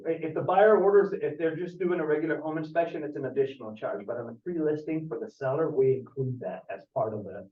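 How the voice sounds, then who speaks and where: A man, a home inspector, giving a casual talk to an audience and telling stories with animated asides. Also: on the high side, fast, hardly any pauses. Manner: storytelling, animated, acts out callers. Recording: roomy, distant, dull audio.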